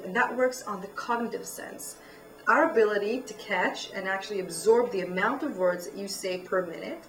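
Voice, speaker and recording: A woman giving public speaking feedback in an instructive tone, showing how to deliver lines. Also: mid-range voice. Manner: instructive, demonstrates delivery by example. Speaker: presentation coach. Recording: echoey room, voice from far off.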